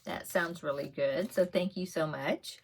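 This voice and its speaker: A woman's voice: fairly low pitch, unhurried, creaky. A woman vlogger, an older grandmother, casually opening and reading holiday cards, chatty and laughing often. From Texas. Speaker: podcast host. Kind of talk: casual vlog, opening mail.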